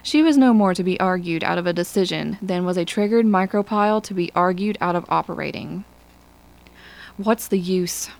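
A woman reading an audiobook in a measured, even storytelling manner. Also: lowish voice, vocal fry, low-quality recording. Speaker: audiobook narrator. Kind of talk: scripted narration.

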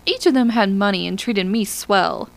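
Woman voicing a calm, contented spaceman. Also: medium pitch, moderate pace, vocal fry, natural voice. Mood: boastful. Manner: indignant, then settled.

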